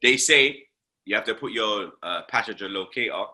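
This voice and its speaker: Bright, animated London man telling stories. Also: on the low side, normal speed. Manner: swearing, slangy, animated storytelling with heavy filler tags. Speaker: host. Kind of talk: casual storytelling chat.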